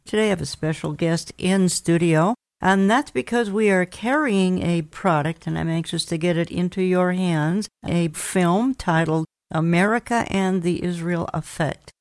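An earnest talk-radio host speaking in a measured way, reading news reports aloud and adding commentary. The voice sits at a middle pitch. It is recorded close on a studio mic in a dry room with no echo.

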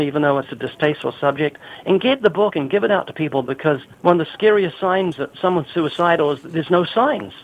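New Zealand man on a phone line. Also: fairly high pitch. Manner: earnest storytelling. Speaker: guest author. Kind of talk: radio interview.

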